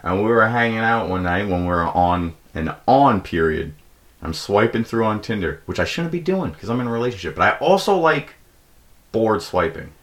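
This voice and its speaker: A young man hosting a podcast, telling rambling comic stories with plenty of swearing and acted-out quotes. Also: normal speed. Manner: profane, animated, acts out quoted people in a high voice. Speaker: podcast host. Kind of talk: casual comedic storytelling.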